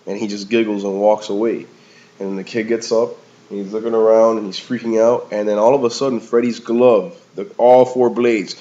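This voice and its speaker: A man's voice: lowish voice, steady tone, a little fast, a little mellow. A man giving a casual, rambling movie review in slangy talk, often calling the listener "man" or "bro". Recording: slightly dull lo-fi recording.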